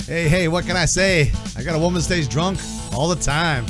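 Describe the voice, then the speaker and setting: A man hosts a casual radio talk show with a brash, joking patter. His voice sits a little high for a man. Faint music plays underneath him. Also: normal speed.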